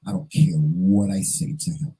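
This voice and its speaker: A man's voice: sits low, fairly even intonation, moderate pace, warm tone, slightly rough, soft background music, low-quality recording. A man vlogger telling a personal story in an earnest, emotional way, fighting back tears and repeating phrases for emphasis.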